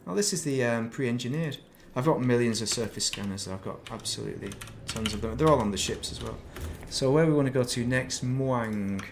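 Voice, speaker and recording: Chatty male streamer, mid pitch, loose rambling delivery, light background hiss. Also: brisk, creaky, hardly any pauses. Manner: rambling, chatty, self-deprecating asides. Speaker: gaming streamer. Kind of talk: casual live-stream chat while playing.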